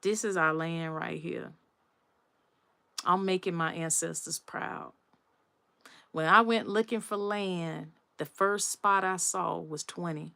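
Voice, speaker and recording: A woman talks casually on a live stream, leaning into her points and saying them twice. Her voice is low-pitched and smooth. The sound is close and dry, with no room echo. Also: takes it slowly, pushed and bright. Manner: emphatic, repeats herself, addresses viewers as "y'all".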